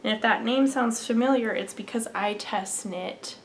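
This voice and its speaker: Enthusiastic and chatty, a young woman hosting a knitting podcast shows off yarn and sometimes whispers. She talks at an ordinary pace, her voice on the high side, over slight background noise.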